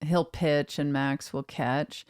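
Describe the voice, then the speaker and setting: A woman's voice: deep voice, steady tone, slow, a little mellow, clear, resonant tone. A woman co-hosting a podcast in casual chat, easygoing and playful with folksy phrasing. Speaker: podcast co-host.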